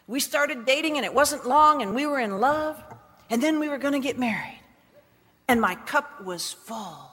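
Bright-voiced woman telling an emotional testimony. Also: sits high, animated, normal speed, slightly rough. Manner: emotional storytelling, big swings between hushed and exclaimed lines. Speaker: speaker giving a testimony. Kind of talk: personal testimony sermon. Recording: long hall reverb.

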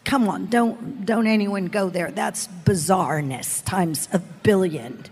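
A woman in her forties preaching and telling her testimony in a lively, animated way, often laughing. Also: medium pitch, takes it slowly, husky. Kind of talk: sermon testimony. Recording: long hall reverb.

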